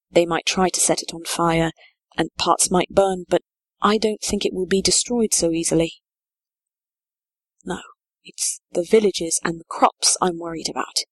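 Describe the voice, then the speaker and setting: A bone-tired sheriff from a medieval storybook, speaking low and heavy with worry, as a woman narrator reads him. The voice sits on the lower side and sounds dry and close, with no room around it. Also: slightly rough, no room sound. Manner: tired, quiet, heavy-hearted. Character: weary grim medieval sheriff, man, middle-aged.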